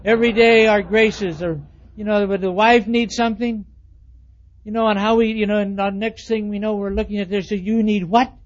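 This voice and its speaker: High-pitched guy preaching, folksy and chatty, muffled old tape sound. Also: level tone, fairly quick. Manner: folksy, acts out quoted voices with rising pitch. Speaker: pastor. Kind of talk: expository sermon. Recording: dull lo-fi sermon recording.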